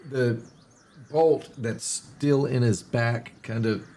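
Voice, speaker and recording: A man narrating a tabletop game as game master in a relaxed way, with many fillers. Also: medium pitch, slow, slight background noise.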